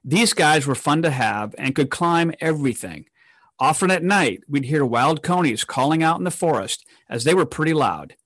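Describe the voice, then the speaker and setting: A man reading a scripted narration in an even tone. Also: fairly high pitch, moderate pace, slightly rough, no echo.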